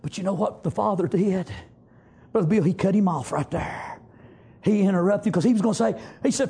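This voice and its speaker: A man preaching a fervent sermon, rising to shouts and punctuating with amens. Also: sits high, fairly quick, creaky, slightly rough.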